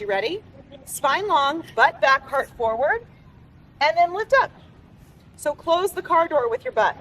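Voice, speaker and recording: Upbeat high-voiced woman coaching a beach workout. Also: a bit bright. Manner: upbeat, encouraging coaching cues. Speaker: fitness instructor. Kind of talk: live outdoor workout class. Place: beach, outdoors. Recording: distant mic outdoors with faint background noise.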